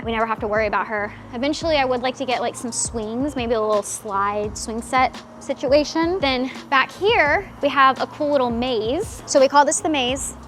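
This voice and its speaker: A woman's voice: a little high, fairly bright tone. A woman giving a casual house tour vlog outdoors in her backyard, chatty and upbeat, a little out of breath. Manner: chatty, upbeat, filler-heavy. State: out of breath from carrying a child.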